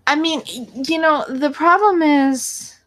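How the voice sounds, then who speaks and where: A woman's voice: high voice, takes it slowly, fairly bright tone, no room sound. A woman hosting her own channel, chatting casually with viewers in a rambling, blunt and profane way, full of fillers and restarts. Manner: frequent fillers and self-corrections. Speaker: YouTube channel host. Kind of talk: casual chat answering viewers.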